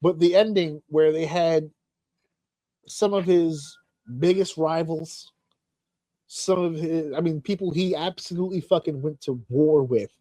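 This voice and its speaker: A man's voice: fairly high pitch, unhurried, dry recording. A man hosting a podcast in casual chat, telling stories animatedly and swearing often. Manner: animated, profane storytelling with acted-out shouts. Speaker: podcast host.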